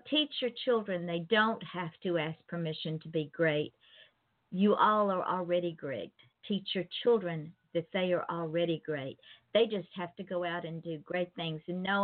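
Southern-accented woman host on a phone line. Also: lowish voice. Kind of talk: casual radio talk show chat. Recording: phone-line call-in show audio.

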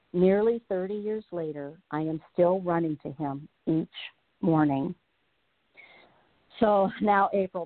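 A woman's voice: on the low side, dry recording. A woman in her late fifties, a guest on the show, earnestly reading her personal story aloud and then chatting about it. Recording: tinny phone line.

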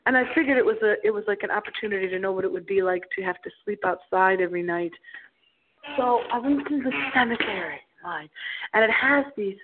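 A woman's voice: mid-range voice, brisk, noisy background. A woman hosting a late-night radio show, talking in a theatrical, playful, giggly way as she tells a story. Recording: tinny phone line.

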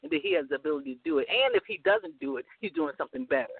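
A woman speaking as a guest author and life coach in a casual radio interview, animated and emphatic, laughing often. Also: high-pitched, very fast, creaky, no room sound. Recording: tinny phone-line audio.

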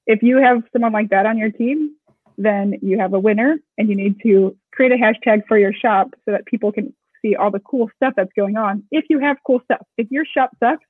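A woman co-founder of a screen printing shop, talking briskly and casually in an interview, with joking asides. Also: fairly high pitch, a little mellow, slightly rough, no echo. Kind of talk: casual explanatory interview talk. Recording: tinny phone-like audio, dry.

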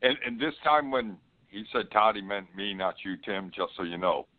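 A man in his forties talking as a co-host in a casual chat, relaxed and hesitant. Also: fairly low pitch, moderate pace, dry recording. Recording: dry, tinny phone-line sound.

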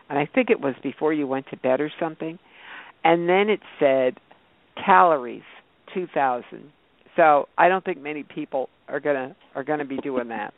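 A man's voice: fairly high pitch, normal speed, no room sound. A man hosting a casual health talk show, rambling through food lists with many fillers and restarts. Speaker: host. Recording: phone-like narrow sound.

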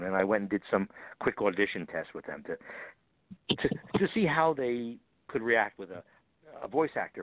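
A man's voice: lowish voice, no room sound. A man, a voice actor guest, telling stories in a chatty interview and acting out quoted lines. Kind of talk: casual interview chat. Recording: tinny phone line.

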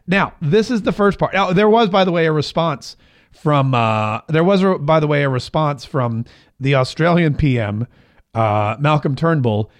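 A man's voice: fairly high pitch, moderate pace. A man hosting a casual political commentary show, chatty and opinionated, often restarting his sentences.

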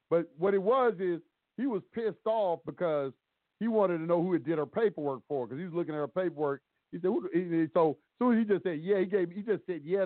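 Animated man on a tinny phone line. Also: high-pitched, no echo. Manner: animated, acts out both sides of dialogue. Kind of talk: casual storytelling on a call-in show. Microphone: phone call.

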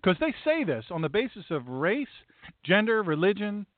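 A man's voice: high voice, sing-song, moderate pace, dry recording. A man, a pastor doing political commentary, reads legal text aloud with emphatic, indignant asides. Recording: tinny phone-like dry sound.

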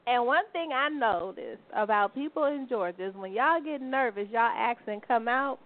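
Woman co-host, slightly high voice, chatty explaining, tinny phone-like sound, faint hiss. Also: expressive, normal speed. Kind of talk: casual talk show chat.

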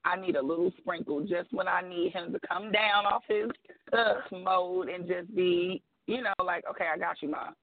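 Blunt gravelly woman on a phone line. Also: lowish voice, moderate pace, no room sound. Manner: outspoken, blunt and emphatic with slang. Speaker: guest author. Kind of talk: casual radio chat.

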